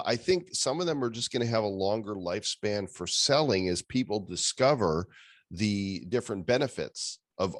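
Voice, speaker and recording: A man co-hosting a podcast, chatting casually and signing off the episode in a relaxed way. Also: on the low side, dry recording, studio quality. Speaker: podcast co-host. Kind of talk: casual chat.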